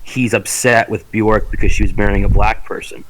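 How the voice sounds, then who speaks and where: A man's voice: on the low side, flat delivery, moderate pace, a little hiss or hum, poor audio. A man co-hosting a podcast in casual chat, rambling and cursing, often laughing into his words. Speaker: podcast co-host.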